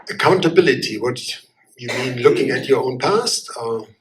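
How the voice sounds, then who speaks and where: A man fields audience questions as an ambassador. He talks haltingly, with frequent fillers and repeated words. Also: medium pitch, animated, noisy background. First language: German. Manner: halting, many fillers and restarts. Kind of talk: answering audience questions at a panel.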